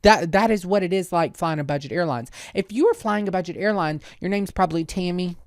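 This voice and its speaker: A woman hosting a podcast, talking in a casual comedic monologue. Her delivery is sassy and full of exaggerated rants, in a fairly low voice. The sound is dry and close, with no room echo. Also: fairly quick. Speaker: podcast host.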